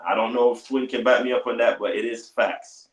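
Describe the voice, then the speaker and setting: A man's voice: mid-range voice, steady tone, brisk. Scolding man ranting in an echoey room. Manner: preachy, scolding, repeats words when stuck. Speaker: podcast panelist. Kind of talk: heated podcast rant.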